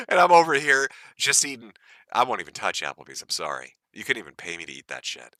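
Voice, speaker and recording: A man's voice: on the low side, wildly swooping pitch, a little fast, pushed and bright, no room sound, studio quality. A man from the United States hosting a live stream, ranting in a profane, mocking and gleeful way. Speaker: stream host.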